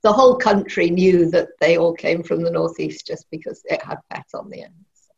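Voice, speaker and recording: A woman's voice: lowish voice, creaky, darkish tone, lo-fi sound. A middle-aged woman, a novelist, answering interview questions thoughtfully with frequent restarts. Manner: thoughtful, halting, many restarts.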